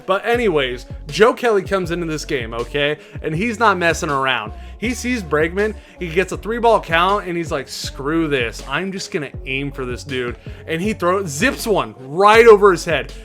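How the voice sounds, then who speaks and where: Young man, sports vlogger, high bright voice, animated and indignant. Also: moderate pace, few pauses, faint music behind. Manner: animated, indignant, acts out players' quotes. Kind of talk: casual reaction commentary.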